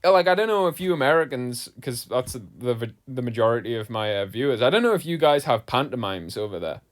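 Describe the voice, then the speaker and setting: A man's voice: mid-range voice, animated, brisk. A man, preaching casually to camera as an online Bible teacher, rambling and conversational. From England. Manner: rambling, conversational, heavy use of "like" and "you know".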